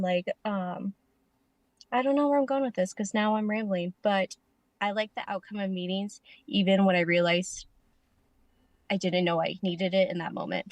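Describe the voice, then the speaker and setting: Over a video call from her parked car, a woman shares casually at a recovery meeting. Her mid-range voice comes through a dry recording as she rambles, cracks jokes and pokes fun at herself.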